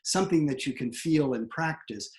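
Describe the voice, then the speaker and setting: On a video call, a man who teaches theatre and coaches dialects delivers a lecture with animation and emphasis. His voice is on the high side, and he talks at a normal speed.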